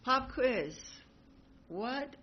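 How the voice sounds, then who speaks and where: In a dull, lo-fi class recording with faint noise, a high, animated voice speaks extremely slowly. The speaker teaches a devotional class, telling stories in a rambling, chatty way, laughing often and correcting themselves.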